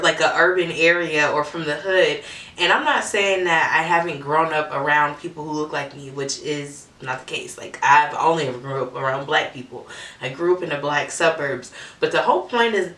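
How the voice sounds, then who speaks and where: A young woman from Metro Atlanta tells a candid, chatty story, often checking in with "right?" and swearing now and then. Her voice sits low but has a bright, forceful edge. She sounds a little away from the mic, in a roomy space. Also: far from the mic. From Metro Atlanta, Georgia. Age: young adult. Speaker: vlogger. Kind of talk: casual storytime.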